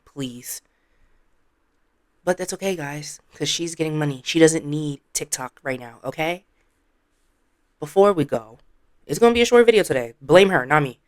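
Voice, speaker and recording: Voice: mid-range voice, no echo, studio quality. A commentary vlogger talking bluntly and sassily straight to the viewers. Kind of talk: casual commentary.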